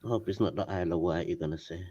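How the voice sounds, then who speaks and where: A man's voice: low voice, racing, warm tone. A man co-hosting a podcast in casual chat, firing dry, needling questions at his partner. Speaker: podcast co-host. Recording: muffled lo-fi recording.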